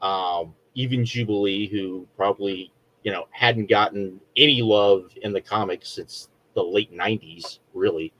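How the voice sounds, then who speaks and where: A man's voice: on the low side, fairly even intonation, unhurried, fairly bright tone, muffled recording. A middle-aged man co-hosting a podcast, chatting casually and rambling through a review with lots of fillers and restarts. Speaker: podcast co-host.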